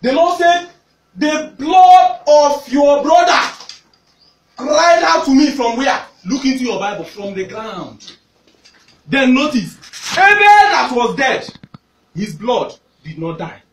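A high-voiced Nigerian preacher delivers a fervent sermon that climbs into shouts and circles back on his own phrases. He sounds far from the microphone, and the big hall echoes around him. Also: very animated, slow, slight background noise. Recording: echoey, distant hall recording.

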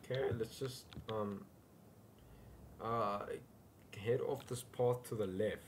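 A man's voice: on the low side, steady tone, slow pace, a little hiss or hum. Jumpy young man playing a horror game. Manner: jumpy, says dude a lot, shouts when startled. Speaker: gaming youtuber. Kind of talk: casual let's-play commentary.

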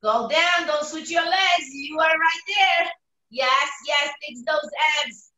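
A woman's voice: sits high, slow, bright, forceful tone. A woman fitness instructor leading a live online workout, energetically calling out counts and form cues. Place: home workout room on a video call. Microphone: video call, away from the mic. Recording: echoey room, distant mic.

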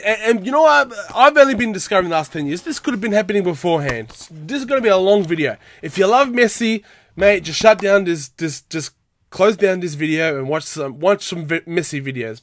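A man's voice: high voice, expressive, a little fast, a bit bright, no echo. Young aussie guy venting hard, voice jumps way up and down, dry close mic. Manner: heated, exasperated ranting with bursts of laughter. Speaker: YouTube football vlogger. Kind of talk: angry ranting vlog.

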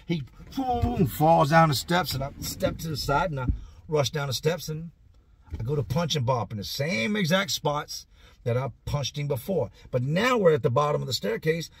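A man telling a profane, animated story about his own past in a casual, conversational way. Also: a little high, gravelly, slightly rough, no room sound. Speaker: vlogger telling prison stories.

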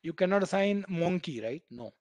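Teaching a live online programming class, an Indian instructor talks in a high-pitched, animated voice at normal speed, slightly mellow in tone. He leans on everyday comparisons and asks "right?" after nearly every point. There is no room sound at all.

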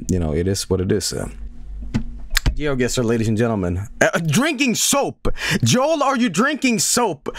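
A young man from Sweden, chatting casually on a game livestream, rambling and joking, swearing often and laughing a lot. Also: medium pitch. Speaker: streamer.

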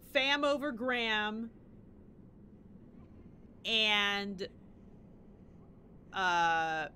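A woman's voice: mid-range voice, sharp tone, a little hiss or hum. A woman putting on a ditzy Valley Girl voice to read a silly horoscope, drawling with lots of "like" and "um". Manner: drawling, full of "like" and "um".

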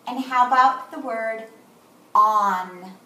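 A woman teaching kindergarten, slow and sing-song and encouraging as she spells out letters and sounds for young children. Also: fairly high pitch, pushed and bright. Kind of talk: recorded morning lesson for young children. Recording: roomy echo, voice a bit far from mic.

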